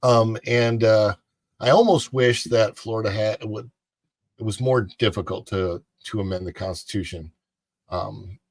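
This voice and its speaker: In a lowish, slightly slow voice, a man co-hosts a casual chat show. He talks in a rambling, opinionated way, full of fillers and frequent restarts.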